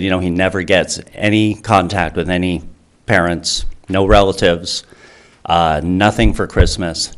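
A man who founded a charity, speaking earnestly to a town council with many fillers and restarts. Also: deep voice. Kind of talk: public comment speech.

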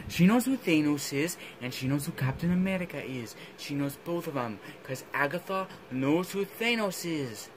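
A playful, silly young man co-hosts a loose chat. His voice sits on the higher side. Faint noise hangs under the recording. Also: lively intonation, normal speed, hardly any pauses. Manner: silly, playful, sing-song. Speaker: co-host. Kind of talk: casual chat.

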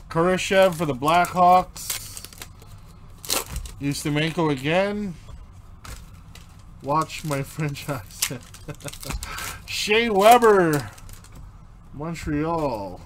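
A man with a slightly high voice hosts a live card break. He talks at an unhurried pace, calls out player names and chats with viewers, with faint noise in the background. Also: a bit bright. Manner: reads out player names while opening packs, chatting with viewers. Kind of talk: live card-opening commentary.

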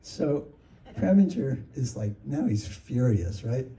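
A man with a mellow, warm voice tells an anecdote in an easy, animated way, slipping into the voices of the people in it. He sits back from the mic, and the room adds a roomy echo around his words. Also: medium pitch, slow, gravelly. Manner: animated storyteller who acts out others' lines. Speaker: interviewee recounting anecdotes. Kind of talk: casual anecdotal storytelling. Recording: roomy sound from a distant mic.

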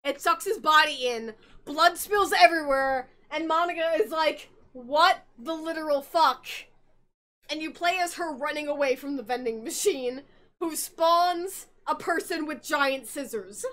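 A woman's voice: high-pitched, moderate pace, bright, forceful tone. A tipsy woman hosting a podcast, rambling through a game's story in casual chat, giggling and swearing as she goes. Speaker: podcast host.

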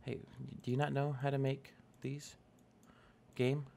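A man's voice: mid-range voice, level tone, a little slow, creaky, a little mellow, slight background noise. Young male let's-play host, loose and playful, mid-range voice, chats at the animals on screen. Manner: chatty, talks to in-game animals, playful. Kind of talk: casual gameplay commentary.

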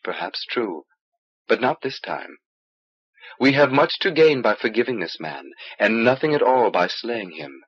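A man voicing a calm, gentle young exiled lord who speaks in a measured way, on an old cassette recording. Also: mid-range voice, slightly rough, muffled recording.

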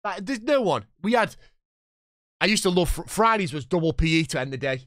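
A chatty man in his thirties streams a football management game and jumps between joking with his viewers and yelling at the match. His voice sits on the higher side and rises and falls freely. The sound is dry, with no room around it. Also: lively intonation, fairly quick, no room sound. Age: 30s. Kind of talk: live gameplay commentary and chat.

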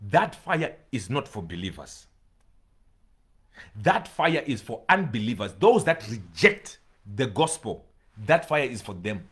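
A man's voice: medium pitch, breathy edge. A man preaching a sermon, pleading and emphatic, repeating key words for stress.

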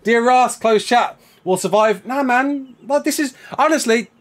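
Very high-pitched and speaking with a Brummie accent, a young man from England's West Midlands live-streams a survival game. He reads the chat's questions in a rapid, excited rush, laughing frequently.

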